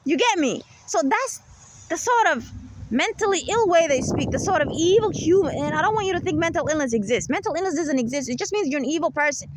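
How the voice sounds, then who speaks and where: High-voiced woman lecturing insistently. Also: lively intonation, brisk, background noise. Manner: repetitive, keeps checking with "right?" and "okay?". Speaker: channel host. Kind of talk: rambling monologue to camera.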